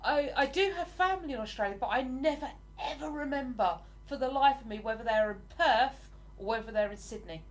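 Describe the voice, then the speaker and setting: A woman's voice: high-pitched, expressive, brisk, hardly any pauses. An English woman in her forties, chatting casually with viewers on a livestream and answering their comments. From England. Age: 40s. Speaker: livestream host.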